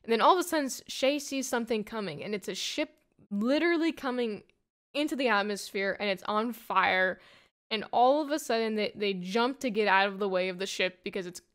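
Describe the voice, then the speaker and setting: A woman's voice: medium pitch, moderate pace, fairly bright tone, clean tone. A woman giving a casual, rambling plot summary of a comic, full of "like" and "you know". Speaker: comic book reviewer.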